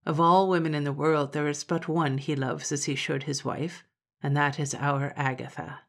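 A woman voicing a poor, worried old country grandfather who speaks gravely in old rustic speech. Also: low voice, steady tone, normal speed. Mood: solemn.

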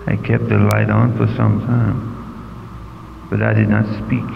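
A man reading ghost stories aloud in a measured, unhurried storytelling manner. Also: fairly low pitch, little pitch movement, gravelly, background noise. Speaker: reader. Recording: dull lo-fi audio with long reverb.

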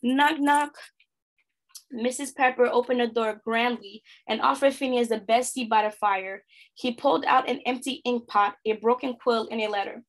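A woman reading a storybook aloud expressively as a teacher, pausing to pose questions to her listeners. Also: fairly high pitch, fairly even intonation.

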